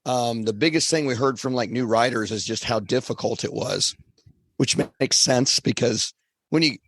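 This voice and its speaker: Hoarse man on a podcast. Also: mid-range voice, normal speed, a little hiss or hum. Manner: relaxed, thoughtful, hesitant with fillers. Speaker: podcast co-host. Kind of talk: casual podcast chat.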